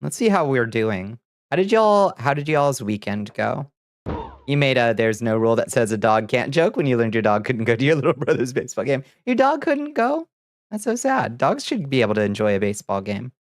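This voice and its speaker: A livestream host with a blocked, stuffy nose, talking easily with viewers and breaking into frequent laughs. The voice sits at a middling pitch and sounds dry and close, recorded at a home desk mic with no room echo. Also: lively intonation, fairly quick. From Southern United States. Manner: chatty, laughs often, trails off and restarts. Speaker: VTuber streamer host. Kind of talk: casual livestream chat, reading chat aloud.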